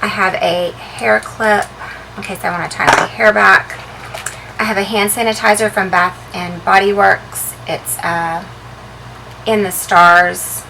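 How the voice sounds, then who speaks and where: A woman vlogger chatting casually as she shows the contents of her handbag, relaxed and full of ums and uhs. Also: mid-range voice, unhurried, gravelly, background noise. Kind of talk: casual show-and-tell vlog.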